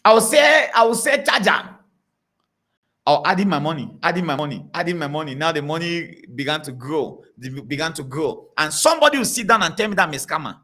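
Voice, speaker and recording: Guy preaching, bright voice, keeps repeating himself, all over the place pitch-wise. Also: fairly quick. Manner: animated, repetitive, storytelling. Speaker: pastor. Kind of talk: preaching to a congregation.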